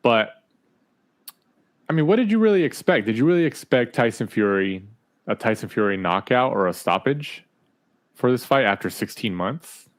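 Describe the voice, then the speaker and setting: A man co-hosting a boxing podcast, asking questions in casual chat and often trailing off softly. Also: medium pitch, lively intonation, moderate pace, long pauses. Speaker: podcast co-host.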